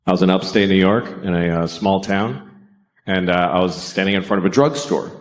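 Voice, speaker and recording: A man's voice: low-pitched, brisk. A man doing a stand-up comedy routine, profane and sardonic, with rambling rants.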